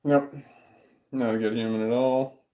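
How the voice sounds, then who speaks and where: A man's voice: medium pitch, steady tone, a little slow, muffled recording, heavy background noise. A man chatting casually on a home live stream with a phone at arm's length, rambling and joking at his own expense. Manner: rambling, self-mocking, jokey. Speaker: YouTuber chatting with a live chat. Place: at home, indoor room. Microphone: phone held at arm's length. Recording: home phone audio with dog barking. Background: dog barking.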